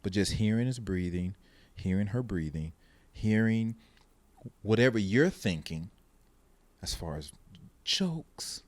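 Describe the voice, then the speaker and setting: A man's voice: fairly low pitch, slow pace, long pauses, dry recording. A man hosting a podcast in casual chat, telling stories and acting out what people said. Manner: animated storyteller, acts out quotes. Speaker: podcast host.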